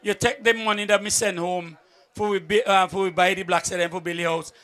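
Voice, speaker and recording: A man with a Vincentian accent voicing a naive, gullible husband who speaks softly. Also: high voice, steady tone, fairly quick, voice pushed down. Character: naive husband back from abroad.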